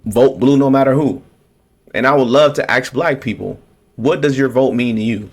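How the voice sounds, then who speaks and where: A political commentator, a man with a medium-pitched voice speaking at normal speed, delivers a casual rant to the camera. He repeats himself, often restarts his sentences, and throws in sarcastic, mocking quotes.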